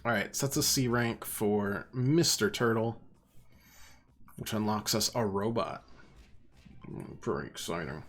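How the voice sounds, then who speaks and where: A man's voice: on the low side, unhurried, long pauses, fairly bright tone. A man streaming a video game, chatting casually, reading menus aloud and poking fun at himself. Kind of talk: casual let's play commentary.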